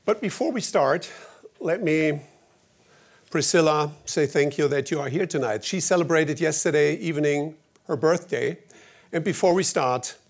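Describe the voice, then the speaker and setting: This German-accented man from Germany kicks off an award ceremony with a formal speech full of wry anecdotes and somewhat halting delivery. His voice is fairly high and carries a breathy edge.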